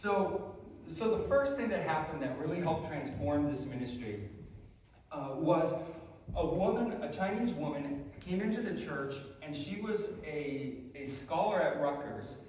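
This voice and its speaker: A man's voice: fairly high pitch, expressive, unhurried, a little mellow, far from the mic, slight background noise. Male pastor in echoey church hall. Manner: conversational storytelling, self-deprecating. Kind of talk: sermon. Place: church sanctuary.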